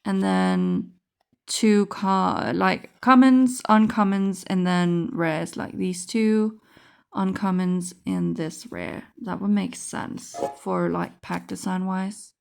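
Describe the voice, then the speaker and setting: A woman's voice: medium pitch, steady tone, takes it slowly, creaky, a little mellow. A woman chatting casually as she opens a trading card pack, thinking aloud with many fillers and restarts. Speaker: card game vlogger. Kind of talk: casual unboxing chat.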